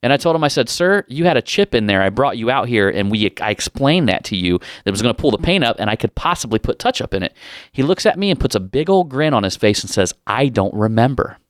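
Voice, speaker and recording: A man spins a long story in easy podcast chat, slipping into other people's voices as he goes. His voice is smooth and resonant, and the sound is dry and close to the mic. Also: mid-range voice, sing-song, quick pace, no echo. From Ohio, USA. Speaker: podcast host. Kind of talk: casual storytelling.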